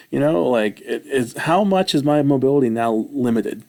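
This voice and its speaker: A man vlogging, telling a rambling personal story with self-mocking, animated retelling. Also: medium pitch, measured pace, vocal fry.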